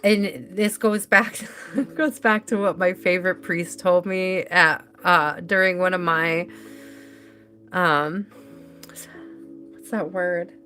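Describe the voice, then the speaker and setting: Bright-voiced chatty woman tarot reader. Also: fairly low pitch, fairly even intonation, slow pace, long pauses, faint music behind. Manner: chatty, rambling, laughs easily. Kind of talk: live tarot reading.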